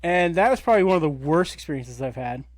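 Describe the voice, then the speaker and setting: A man in his thirties, a podcast co-host, telling a story in a casual, animated way, swearing and acting out quotes. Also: fairly high pitch, fast, no room sound. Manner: animated, profane, acts out quotes.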